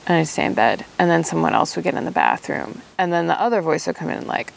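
A woman speaking in a thoughtful, hesitant personal monologue with many pauses. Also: lowish voice, animated, vocal fry, slight background noise.

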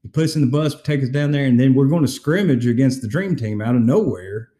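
This man's mid-range voice comes fast and echoey as he co-hosts a casual sports podcast. An animated storyteller, he retells stories and performs the quotes.

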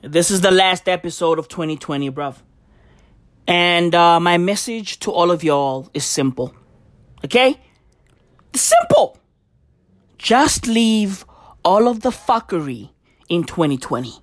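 A woman delivering a profane comedic rant to camera, full of slang like "bruv" and "fam," with sudden shouted outbursts and big leaps in pitch. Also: animated, unhurried, pauses often, no echo. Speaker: comedic vlogger.

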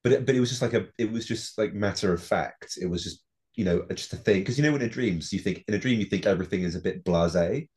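A man's voice: fairly low pitch, fast talker, a little mellow. A man co-hosting a podcast, chatting playfully with frequent hesitant restarts. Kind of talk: casual chat.

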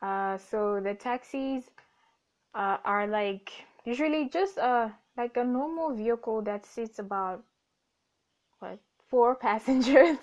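A woman's voice: a little high, lively intonation, slow, darkish tone. A young woman hosts a casual, rambling podcast monologue. She self-corrects, jokes and laughs often. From Namibia. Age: young adult. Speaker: podcast host. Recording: dull lo-fi recording.

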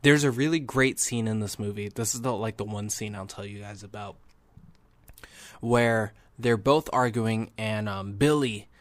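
A man's voice: lowish voice, unhurried, no echo. Enthusiastic young man, dry podcast voice. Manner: enthusiastic, rambling with fillers and restarts. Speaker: podcast host. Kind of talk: casual movie review.

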